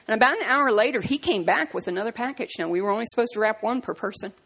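A woman preaching a sermon, telling stories and acting out conversations in a raised voice, slowing down to stress key words. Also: lively intonation, fairly bright tone, slightly rough. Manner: acts out dialogue in a high voice, slows for emphasis. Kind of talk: sermon with storytelling.

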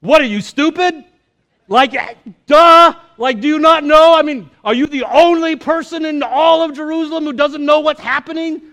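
A man's voice: extremely high pitch, moderate pace, sharp tone, pitched above the performer's own voice. A preacher putting on a scoffing, incredulous man. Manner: mocking, incredulous. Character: exasperated man scoffing at a clueless stranger.

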